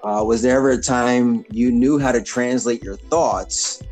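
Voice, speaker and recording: A man hosting a podcast interview, asking careful, measured questions and giving short affirmations. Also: mid-range voice, fairly even intonation, a little mellow, soft background music, low-quality recording. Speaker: podcast host.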